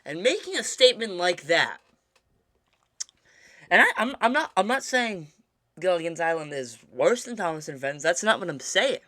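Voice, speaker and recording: A man's voice: high voice, big pitch swings, normal speed, sharp tone, no echo. Man, podcast co-host, stammering, mock-indignant, dry close sound. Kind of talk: casual chat.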